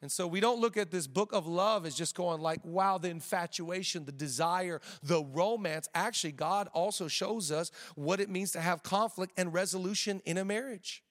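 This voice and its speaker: High-voiced pastor preaching in a reverberant hall. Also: male voice. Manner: energetic, joking asides, slows for emphasis. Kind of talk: sermon. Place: church auditorium.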